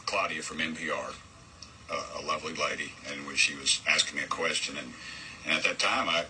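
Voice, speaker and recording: Deep-voiced, halting man in an interview. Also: steady tone, noisy background. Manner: halting, with many fillers and restarts. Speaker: congressman interviewed by a reporter. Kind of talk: interview answer.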